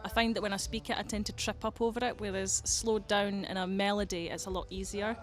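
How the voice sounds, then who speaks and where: A woman's voice: medium pitch, flat delivery, a little fast. A young Scottish woman who is a folk singer, chatting in an interview with a giggly, self-deprecating manner. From Scotland. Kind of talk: casual interview chat. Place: folk festival grounds.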